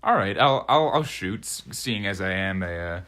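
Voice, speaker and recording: Man, lowish voice, comedy podcast co-host, deadpan mock-serious director bit. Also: normal speed.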